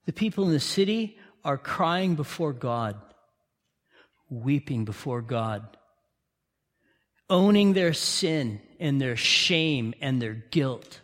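A man with a high, bright, forceful voice preaches a sermon, pulling his listeners into the story with question after question. His voice carries a long reverb from a big hall. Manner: impassioned storytelling, repeated rhetorical questions.

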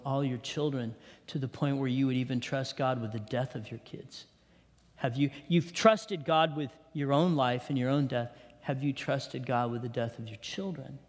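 A middle-aged man, a pastor, telling a personal story in a sermon with strong emotion, dropping to hushed tones. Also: fairly high pitch, long reverb tail. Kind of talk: sermon testimony.

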